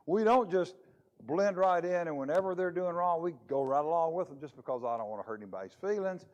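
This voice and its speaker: A man's voice: on the high side, darkish tone, dull audio. Man preaching in a chatty class. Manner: chatty, asks rhetorical questions. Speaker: preacher teaching a Bible class. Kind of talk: conversational Bible lesson. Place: church.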